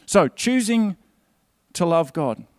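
A man preaching a conversational, earnest sermon in a slightly higher voice. The sound is dry and close, with hardly any room around him. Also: very animated, slow, dry recording.

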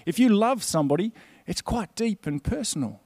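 A man preaching a conversational, earnest sermon in a slightly higher voice. The sound is dry and close, with hardly any room around him. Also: animated, moderate pace, darkish tone, no echo.

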